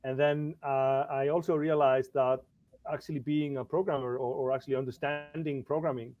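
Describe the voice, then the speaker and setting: Halting Icelandic man on a muffled line. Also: mid-range voice, fairly even intonation, no room sound. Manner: halting, many restarts and repeated words. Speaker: podcast guest. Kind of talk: casual podcast chat.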